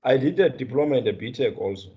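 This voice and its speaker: A man's voice: medium pitch, expressive, quick pace, mellow. A man from the Eastern Cape with a South African accent, leading an online class, checking in with students and often repeating words. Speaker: guest trainer. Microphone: video call. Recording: dull lo-fi video call audio.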